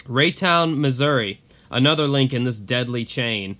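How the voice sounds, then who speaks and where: A man co-hosts a casual true-crime podcast, reading case notes and breaking off into profane, offhand asides. His mid-range voice is expressive, bright, and forceful, at a moderate pace.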